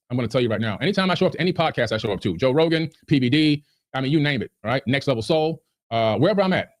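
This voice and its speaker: Rapid-fire indignant man. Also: mid-range voice. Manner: heated, indignant. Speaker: podcast guest. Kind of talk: agitated podcast rant.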